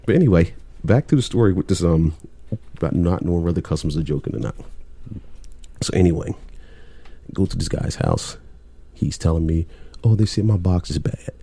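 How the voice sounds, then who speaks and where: A man's voice: sits low, expressive, brisk, gravelly, dark tone, slightly rough. A middle-aged man, a cable technician, telling work stories in a blunt, laid-back way with plenty of swearing. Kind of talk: casual storytelling chat.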